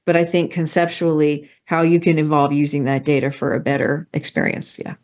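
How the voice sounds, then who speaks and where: A woman's voice: sits low, flat delivery, darkish tone. A woman panelist in a live round table discussion, explaining her point and speeding up as she makes it. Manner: explanatory, quickening when making a point.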